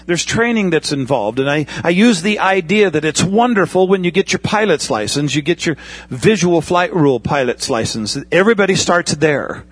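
A man preaching a sermon in a conversational way, asking the congregation questions and using everyday comparisons. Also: high voice. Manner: conversational preaching with pilot analogies and asides. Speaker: pastor.

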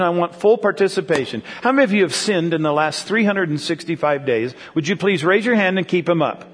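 Man, high voice, preaching a chatty sermon and questioning the congregation, long church-hall reverb. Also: a bit bright. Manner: conversational, asks the congregation questions. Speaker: pastor.

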